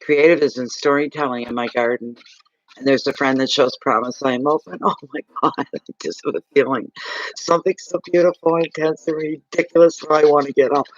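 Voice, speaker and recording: A man giving a live tarot card reading, gushing and emotional, slow and soothing. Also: a little high, steady tone, muffled recording, a little hiss or hum.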